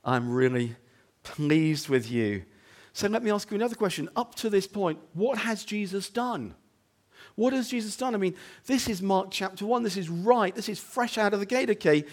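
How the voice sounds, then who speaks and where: In his church, a male pastor whose voice is a little higher than most men's preaches conversationally, leaning on rhetorical questions and quick "okay?" asides. His delivery swings from hushed, low moments to loud, emphatic stretches.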